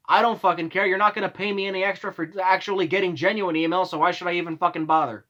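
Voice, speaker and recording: A man's voice: high-pitched, fairly even intonation, quick pace, hardly any pauses, a bit bright, dull audio. Young man ranting with heavy profanity. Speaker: vlogger. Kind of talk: casual storytelling rant.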